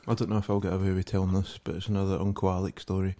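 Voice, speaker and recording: A man's voice: low voice, level tone, very fast, mellow. A Scottish man co-hosting a casual podcast, telling rambling anecdotes with lots of swearing and laughter. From Scotland. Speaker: podcast co-host. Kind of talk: casual banter.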